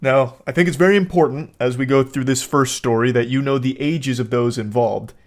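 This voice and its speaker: A man's voice: medium pitch, fairly quick. A man hosting a commentary video, reading out text messages and reacting to them with dry, sarcastic humor. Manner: deadpan, sarcastic, laughs at what he reads. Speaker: commentary host.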